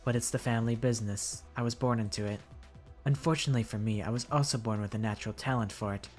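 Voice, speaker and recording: A woman's voice: rumbling low, steady tone, quick pace, darkish tone. A woman game streamer reading all the dialogue aloud, with wry joking asides. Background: game music.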